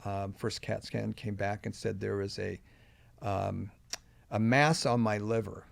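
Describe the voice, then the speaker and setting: Gravelly older man telling his story. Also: on the low side, steady tone, measured pace, no room sound. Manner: earnest, emphatic at key moments. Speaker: podcast guest. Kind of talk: personal storytelling in an interview.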